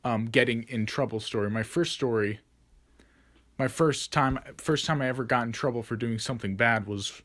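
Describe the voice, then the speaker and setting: Young guy telling a story casually, rambly, corrects himself a lot, swears now and then, mid pitch. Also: fairly bright tone. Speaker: vlogger.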